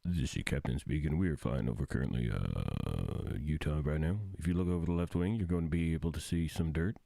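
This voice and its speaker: A man's voice: extremely low pitch, fairly quick, creaky, mellow, dry recording, clean studio sound, pitched below the performer's own voice, exaggerated voice. A man putting on the voice of an airline captain giving a cabin announcement in a mock-formal tone.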